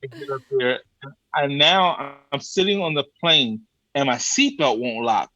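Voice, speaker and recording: A man's voice: medium pitch, measured pace, lo-fi sound. A man guesting on a podcast, telling a comic travel story in a loose, colloquial way and acting out the people he dealt with. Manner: animated storyteller, acts out exasperated exchanges; colloquial, swears casually. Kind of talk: comic travel anecdote in casual chat.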